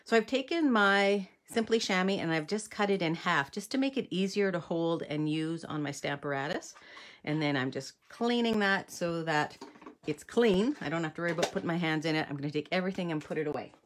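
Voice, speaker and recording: A woman's voice: lowish voice, brisk. A middle-aged woman from Canada leading a live card-making demonstration, chatty and thinking aloud as she works, often correcting herself.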